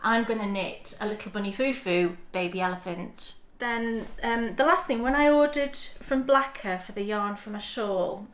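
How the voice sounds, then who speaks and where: Woman chatting about yarn, slightly high voice, roomy echo, keeps restarting sentences. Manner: chatty, restarts often, shows items to camera. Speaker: podcast co-host. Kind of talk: casual knitting podcast chat.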